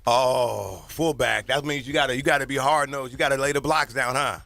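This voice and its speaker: Fast, bright-voiced playful radio man. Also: mid-range voice, fairly even intonation, gravelly, faint music behind. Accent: Southern Californian. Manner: playful, teasing, fast banter. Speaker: sports radio co-host. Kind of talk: casual sports talk. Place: radio studio.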